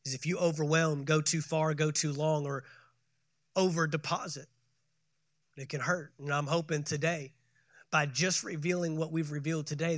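A pastor preaching a sermon, building to loud emphatic peaks and calling for the congregation to respond. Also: male voice, on the high side, no echo, studio quality. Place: church sanctuary.

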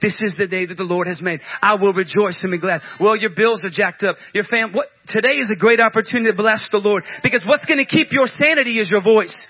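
Male pastor, very high voice, fervent sermon delivery with call-outs, dry lo-fi recording. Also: quick pace, hardly any pauses, breathy edge. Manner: fervent preaching with call-outs, acts out prayers.

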